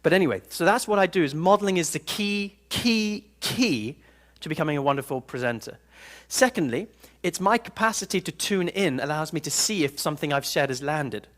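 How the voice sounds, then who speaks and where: A man giving a live seminar talk to an audience in a room, telling stories in an animated, playful way. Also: a little high, brisk. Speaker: personal development speaker.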